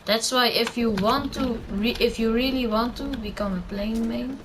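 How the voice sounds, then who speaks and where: A woman's voice: fairly high pitch, fairly even intonation, moderate pace, background noise. A teenage girl rambling through casual gameplay commentary and tips, with lots of fillers and self-corrections. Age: teen, under eighteen. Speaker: gamer giving tips.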